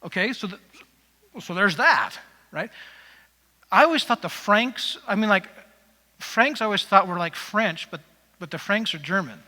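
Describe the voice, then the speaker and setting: A man's voice: sits high, animated, moderate pace, long pauses, bright, forceful tone. A male pastor giving a conversational sermon in a church, rambling with asides to the congregation. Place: church sanctuary. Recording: long reverb of a church hall.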